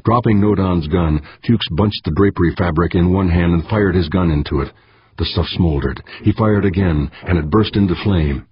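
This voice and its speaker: A man reading an audiobook in steady, measured scripted narration. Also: sits low, husky, no echo, dull audio.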